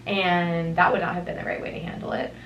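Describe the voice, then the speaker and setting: A young woman hosts her own podcast and thinks aloud in an unhurried, reflective way, drifting into tangents now and then. Her voice sits a little low for a woman. The room rings around her, and a faint hiss stays under everything. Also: level tone, reverberant, lo-fi sound. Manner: thoughtful, meandering, with tangents and soft laughs. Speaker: podcast host. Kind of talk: reflective solo podcast talk. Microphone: headphones on, studio-style mic.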